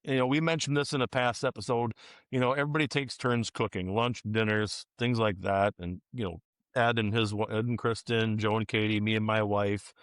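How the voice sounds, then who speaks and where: A man's voice: on the low side, steady tone, fairly quick, clear, resonant tone, no room sound, clean studio sound. A man co-hosting a casual podcast chat, telling long rambling stories and acting out what people said. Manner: rambling storyteller, acts out quotes. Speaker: podcast co-host.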